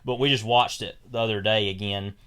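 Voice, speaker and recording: A man's voice: on the low side, fairly even intonation, a little fast, a bit bright, clear, resonant tone. Rambling young man discussing films. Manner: rambling, filler-heavy, many restarts. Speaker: podcast co-host. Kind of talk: casual film discussion.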